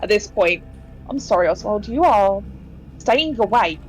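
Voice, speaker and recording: A woman's voice: medium pitch, lively intonation, unhurried, slightly rough, faint music behind, rough recording. Chatty woman running a horror game. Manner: chatty, giggly, rambling with fillers. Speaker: game master. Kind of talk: narrating a tabletop horror game.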